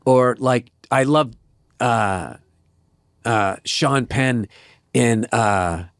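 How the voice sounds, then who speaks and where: A man's voice: mid-range voice, very slow, no room sound, studio quality. A man, a stand-up comedian, telling rambling, profane stories in casual chat and acting out the voices of the people in them. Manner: rambling, profane, trails off into asides. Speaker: stand-up comedian, interview guest.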